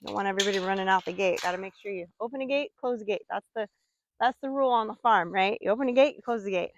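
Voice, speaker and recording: A woman's voice: medium pitch, rapid-fire, lo-fi sound, background noise. Chatty woman rambling through farm chores. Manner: rambling, chatty, coos softly to her animals. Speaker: vlogger. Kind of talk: casual chat. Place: farm, outdoors.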